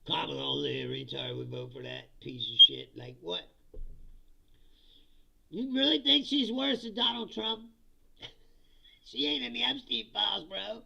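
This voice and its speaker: A man's voice: high-pitched, very animated, measured pace, gravelly, long pauses, sharp tone, slightly rough. A man hosting a live comedy stream on politics, reading chat and mocking commenters with profane jokes and frequent laughter. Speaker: host. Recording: dull lo-fi sound.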